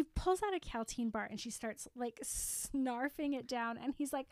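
Woman, casual co-host, chatty movie recap, high voice, slow pace. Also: lively intonation, a little mellow, no echo, clean studio sound. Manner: chatty, laughs while retelling. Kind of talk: casual chat, retelling a movie scene.

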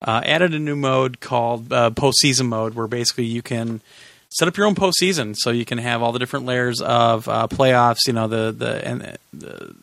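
A man's voice: mid-range voice, moderate pace, gravelly, fairly bright tone, dry recording. A man hosting a podcast, giving a casual, rambling game review with sarcastic asides and many restarts. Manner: rambling, sarcastic, self-correcting. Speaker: podcast host.

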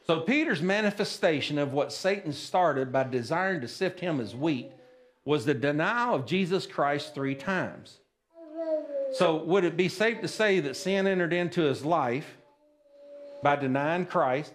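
A man's voice: on the high side, lively intonation, normal speed. A man preaching a sermon at a church service, plain-spoken and folksy, often checking in with the congregation. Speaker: pastor.

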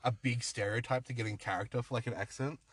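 A man's voice: medium pitch, fairly even intonation, fast, fairly bright tone, breathy edge, dry recording. A man co-hosting a casual film chat, bantering and joking, from a car parked outside a bar. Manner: joking banter, laughs often. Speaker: podcast co-host.

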